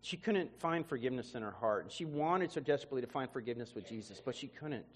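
A man's voice: medium pitch, lively intonation, fast talker. A man preacher telling an emotional testimony in a sermon, often repeating words as he goes. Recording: long hall reverb.

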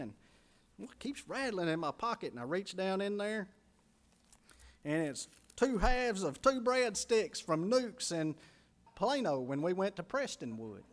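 Male pastor, high-pitched, folksy storytelling sermon delivery. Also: big pitch swings, normal speed. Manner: folksy storytelling preacher, drops to quiet for emphasis.

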